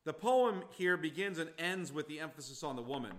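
A pastor preaching an expository sermon, emphatic and repeating phrases for stress. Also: male voice, a little high, lively intonation, fairly quick, a bit bright. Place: church sanctuary.

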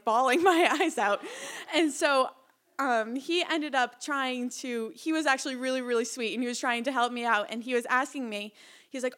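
A young woman from Massachusetts telling a personal story to a live audience, breathless and animated, with lots of fillers. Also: high-pitched. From Massachusetts, Cape Cod. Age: young adult. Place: small hall before a live audience.

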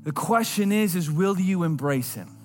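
A man preaching a sermon, telling a personal story in an earnest voice that drops low and quiet at tender moments. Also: lively intonation, normal speed, in a large hall, soft background music.

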